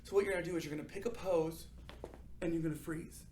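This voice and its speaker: Man, upbeat kids' drama teacher, slightly high voice, echoey room. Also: fairly even intonation, fast talker, a little mellow, slight background noise. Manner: upbeat, encouraging, frequent "okay?" check-ins. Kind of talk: guided acting warm-up for children.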